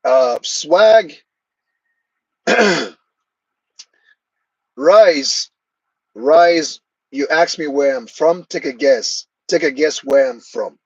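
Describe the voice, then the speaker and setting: A man's voice: on the high side, expressive, very slow, pauses often, husky, no echo, lo-fi sound. A man hosting a live stream, chatting casually and answering viewers' comments by name.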